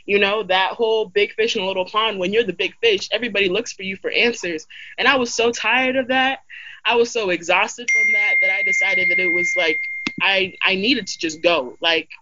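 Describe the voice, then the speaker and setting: A woman's voice: mid-range voice, moderate pace. A young woman from Idaho chatting candidly and animatedly, filling her talk with "like". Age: young adult. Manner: animated, candid, heavy use of 'like'. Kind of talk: casual chat. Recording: slightly dull lo-fi recording.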